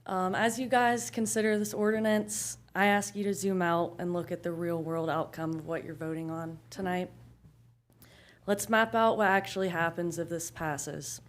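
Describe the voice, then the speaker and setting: A young woman giving a prepared public comment at a council meeting in a steady, measured delivery. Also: fairly low pitch. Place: council chamber.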